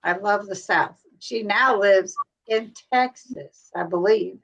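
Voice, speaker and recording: A woman from North Carolina hosts a casual livestream chat. She talks freely and laughs easily, in a relaxed, everyday tone. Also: mid-range voice, takes it slowly, low-quality recording. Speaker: livestream host.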